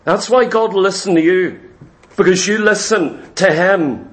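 A man's voice: high-pitched, measured pace. A man preaching a sermon as pastor to his congregation in a church room, repeating phrases and firing rhetorical questions.

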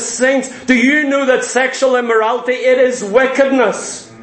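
High-voiced preacher in an echoey church. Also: male voice, level tone, normal speed, hardly any pauses, a bit bright. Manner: preaching with rhetorical questions to the congregation. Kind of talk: sermon.

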